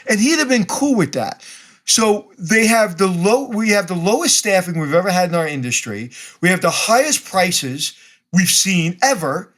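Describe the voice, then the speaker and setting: A man's voice: high-pitched, big pitch swings, moderate pace, a bit bright. A man from Brooklyn, a podcast guest talking bluntly and directly and acting out bits of dialogue. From Brooklyn, New York. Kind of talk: casual interview conversation.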